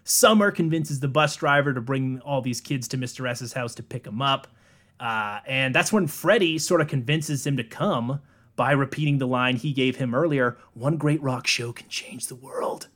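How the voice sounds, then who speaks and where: A young man co-hosting a podcast, recapping a film in a relaxed, joking way, laughing often and swearing. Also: medium pitch, moderate pace. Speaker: podcast co-host. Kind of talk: casual movie recap chat.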